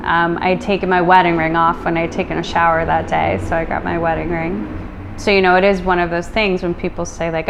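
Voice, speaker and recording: Low-voiced American woman telling a story. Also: level tone, a little fast, vocal fry, a little hiss or hum. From United States. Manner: emotional, recounting with reported dialogue. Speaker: guest. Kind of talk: personal storytelling.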